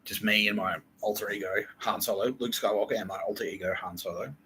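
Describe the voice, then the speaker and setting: A man's voice: fairly low pitch, steady tone, quick pace, bright, forceful tone, a little hiss or hum, rough recording. A man hosting a podcast in a profane, rambling monologue, laughing and acting out quotes. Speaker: podcast host.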